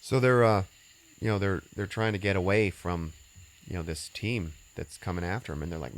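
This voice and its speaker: A man with a very low voice recaps a movie for a podcast. He talks loosely and casually, with lots of fillers, restarts and swearing. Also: normal speed. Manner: rambling, filler-heavy and profane. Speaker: podcast host recapping a film.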